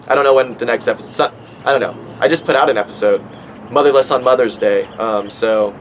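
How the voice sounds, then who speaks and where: A stoned podcast host in his twenties rambles casually, swearing a lot and using plenty of fillers. His mid-range voice moves fast. The recording is rough, with a little hiss or hum.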